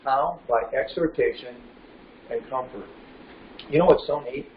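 A man teaching a Bible lesson like a sermon, reading verses slowly and asking the audience questions he answers himself. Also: mid-range voice, slight background noise. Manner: reads scripture slowly and deliberately. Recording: roomy, distant, dull lo-fi recording with faint ambience.

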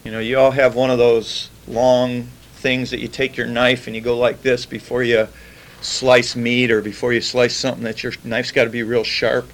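Male preacher, mid-pitched, plain conversational delivery, slows for scripture readings. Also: flat delivery, a little hiss or hum, low-quality recording. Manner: conversational, reads scripture slowly, repeats key words. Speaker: bible teacher. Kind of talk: informal sermon.

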